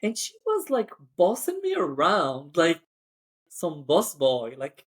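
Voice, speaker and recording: A man's voice: on the high side, wildly swooping pitch, slow, breathy edge. Chatty male flight attendant telling stories. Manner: chatty, acts out quoted voices, frequent "like". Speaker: cabin crew member. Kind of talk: podcast storytelling.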